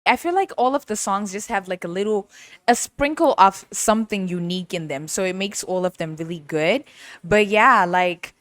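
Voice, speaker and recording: A young woman hosting a casual music podcast, animated, laughing often and mimicking voices as she talks. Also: mid-range voice, moderate pace, no room sound. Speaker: podcast host.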